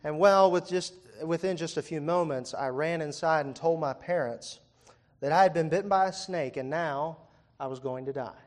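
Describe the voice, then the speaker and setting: A man's voice: fairly high pitch, normal speed. A young man preaching a sermon, chatty and conversational, asking the congregation questions with wry asides. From Virginia. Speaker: pastor. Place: church hall before a congregation.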